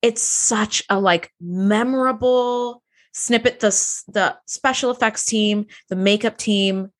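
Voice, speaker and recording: A woman's voice: medium pitch, takes it slowly. A woman co-hosting a podcast, chatting casually as she recaps a TV episode and acts out lines in character voices. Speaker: podcast co-host.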